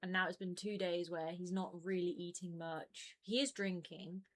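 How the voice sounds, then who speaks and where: A woman's voice: on the low side, steady tone, moderate pace. A young woman in her twenties chatting casually with her stream viewers from home, rambling with lots of fillers. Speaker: game streamer.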